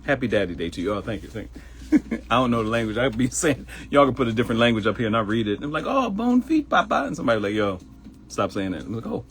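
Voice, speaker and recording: A middle-aged man from Baltimore hosting a live stream, animated and chatty, greeting viewers by name and joking. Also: on the low side, quick pace, soft background music. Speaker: live show host. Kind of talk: live-stream casual chat.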